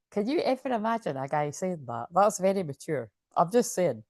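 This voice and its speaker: A woman's voice: lowish voice, very animated, normal speed, hardly any pauses, darkish tone, no echo, clean studio sound. A woman doing a casual, chatty tarot reading, often laughing as she reads card messages aloud. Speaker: tarot reader.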